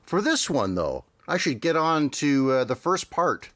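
A man's voice: fairly high pitch, very animated, unhurried, fairly bright tone, dry recording. A man hosting a podcast, recapping a cartoon episode in a dry, wry way with frequent hesitations. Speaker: podcast host.

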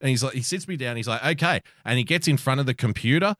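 A man with an Australian accent, co-hosting a live-streamed chat show and telling a lively story, swearing freely. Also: medium pitch, racing, no room sound, clean studio sound. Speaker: podcast co-host.

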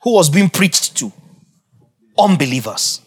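A man preaching a Bible teaching, asking his audience questions, repeating key phrases, and swinging between quiet low asides and loud emphatic peaks. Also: sing-song, a little slow, husky. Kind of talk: sermon-style Bible teaching.

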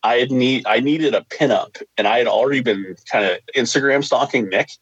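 A man with an even, mid-range voice speaks close to the mic in a dry, dead room. He is a guest describing his comic book project in a relaxed, conversational way and laughs lightly between thoughts. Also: mid-range voice, fairly quick, husky, no room sound, muffled recording. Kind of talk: casual interview answer.

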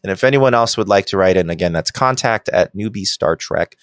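A man hosting a casual podcast, relaxed and chatty, laughing often. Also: low voice, brisk, no room sound, studio quality. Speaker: podcast host.

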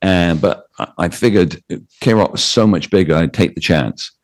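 Deep-voiced British man telling radio stories. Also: normal speed. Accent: British English. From Britain. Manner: animated anecdotes with quoted voices. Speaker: radio DJ and author guest. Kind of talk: storytelling interview.

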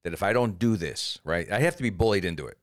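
A man co-hosting a casual comedy podcast, animated and profane, bursting into loud mock-defiant outbursts. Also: sits low, quick pace. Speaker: podcast co-host.

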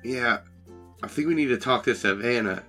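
A man's voice: medium pitch, moderate pace, pushed and bright, faint music behind. A man playing a tabletop role-playing game, telling his story in a rambling, sheepish way. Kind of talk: in-character tabletop role-play.

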